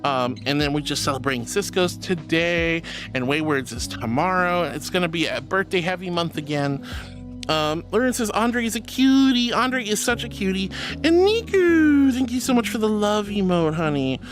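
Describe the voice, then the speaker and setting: A woman's voice: fairly low pitch, expressive, moderate pace, music in the background. A woman streamer chatting casually and reading viewer comments, calling her viewers honey and darling and laughing often. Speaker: VTuber streamer.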